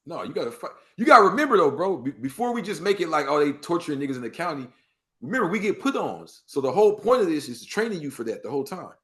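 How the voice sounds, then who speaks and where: A man with a Los Angeles accent and a slightly high voice, talking as a guest in a casual interview. He acts out the people he quotes and leans hard on slang. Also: quick pace, few pauses. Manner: animated, acts out quoted street talk, heavy slang. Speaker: podcast guest.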